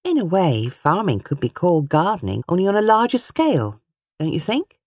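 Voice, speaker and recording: A shy, eager young woman, as a female narrator puts her on, bright and friendly. Her voice skips about in pitch. Close, dry audiobook sound. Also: big pitch swings, brisk, no echo.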